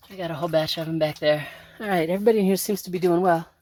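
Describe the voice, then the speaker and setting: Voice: mid-range voice, very fast, a little mellow. A gardening vlogger chatting to camera outdoors in a garden and hoop tunnel, thinking aloud with many ums, filmed on a handheld phone. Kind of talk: casual chat to camera while working.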